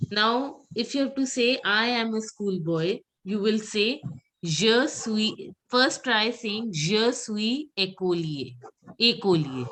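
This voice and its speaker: A woman's voice: medium pitch, fairly bright tone. A woman teaching French pronunciation in an online class, patiently repeating words for her students over a video call.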